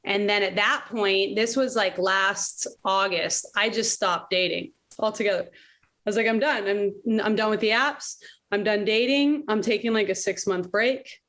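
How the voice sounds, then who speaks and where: Here a late-thirties woman talks unhurriedly in a medium pitch while guesting on a podcast. It's relaxed conversation: she's frank and animated, laughs a lot, and swears from time to time.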